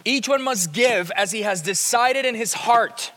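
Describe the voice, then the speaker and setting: A man preaching a sermon as pastor, shifting between hushed, quiet passages and emphatic, rising ones. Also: high-pitched, measured pace, long reverb tail, a little hiss or hum. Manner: dynamic, swings from hushed to emphatic.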